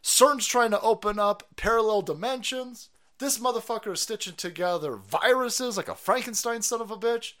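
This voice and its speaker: A man's voice: sits high, normal speed, few pauses, fairly bright tone. Foul-mouthed man ranting. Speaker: streamer. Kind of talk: profane conspiracy rant.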